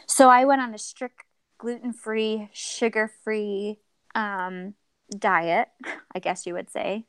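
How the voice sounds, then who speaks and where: A woman's voice: medium pitch, takes it slowly, clear, resonant tone, dry recording. A young adult woman sharing a personal story as a podcast guest, acting out quoted dialogue and laughing often. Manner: expressive, acts out quoted dialogue.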